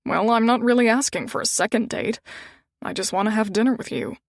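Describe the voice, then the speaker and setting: A woman's voice: a little high, fairly quick, no echo, clean studio sound, lightly acted. A woman voicing a suave, confident man who talks in an easygoing, teasing way. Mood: playful.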